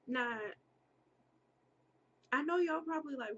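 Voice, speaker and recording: A woman's voice: high voice, moderate pace, fairly bright tone, dull audio, a little hiss or hum. A woman casually telling a personal story to viewers, chatty, repeating herself and speaking straight to her audience.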